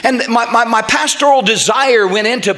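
A man preaching a sermon as pastor, swinging into loud shouted passages and stumbling over repeated words. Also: extremely high pitch, normal speed.

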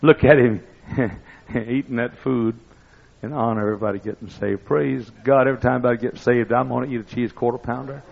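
An older man preaching a sermon, telling folksy stories that build up to excited shouting. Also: mid-range voice, fairly quick, gravelly, a little hiss or hum. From East Texas. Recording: dull lo-fi recording.

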